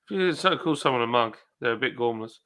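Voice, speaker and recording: A man's voice: mid-range voice, lively intonation, fast talker, pushed and bright. A man hosting a casual livestream, chatting and reading viewers' comments aloud in a rambling way. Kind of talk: casual chat.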